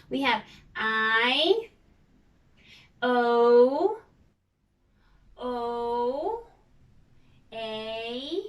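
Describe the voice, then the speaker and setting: Teacher: woman, high voice, very slow and patient, repeats each word for young learners. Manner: slow, patient, repeats words and spells out vowels. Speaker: English teacher. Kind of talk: recorded lesson for young learners.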